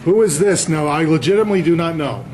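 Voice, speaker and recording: A man's voice: on the high side, fast talker, a little mellow, poor audio. A man, an author, giving a casual slide lecture to an audience, telling anecdotes and quizzing the crowd. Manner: chatty storyteller, quizzing the audience.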